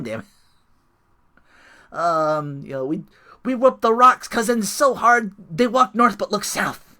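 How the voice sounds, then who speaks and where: Male podcast host, casual wrestling talk, high bright voice, very lively delivery. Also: takes it slowly, pauses often. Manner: animated, laughs often, acts out quotes.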